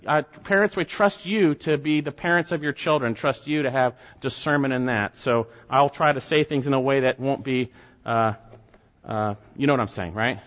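A man preaching a sermon as pastor, reading scripture aloud and explaining it in an earnest, deliberate way with gentle asides. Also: fairly high pitch. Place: church sanctuary. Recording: long reverb, dull lo-fi sound.

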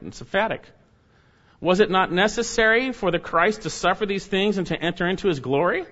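A man preaching a sermon, stressing key words loudly and dropping to quiet, low asides. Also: fairly quick, dull audio. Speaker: pastor.

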